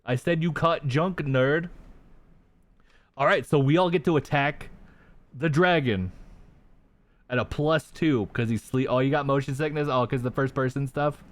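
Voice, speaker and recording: A man's voice: medium pitch, measured pace, long pauses. A young man streaming a tabletop game, chatting casually and ranting with lots of swearing. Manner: animated, profane ranting to chat. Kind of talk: casual livestream chat.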